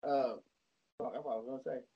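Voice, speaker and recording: A man's voice: mid-range voice, steady tone, slightly rough. A man in a casual chat with friends, stumbling over his words and swearing. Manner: halting, restarts and swears. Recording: dull lo-fi audio.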